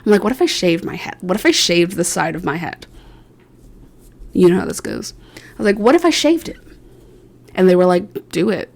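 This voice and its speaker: A woman's voice: lowish voice, fairly quick, creaky, long pauses. A young woman vlogger telling a casual, rambling story about herself, chatty and self-mocking, with lots of fillers and quoted asides. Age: young adult.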